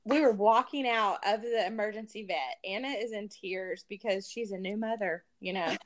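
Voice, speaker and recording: A woman's voice: mid-range voice, moderate pace. Chatty woman telling a story. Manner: animated storyteller, acts out quotes, laughs often. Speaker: podcast co-host. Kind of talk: casual chat.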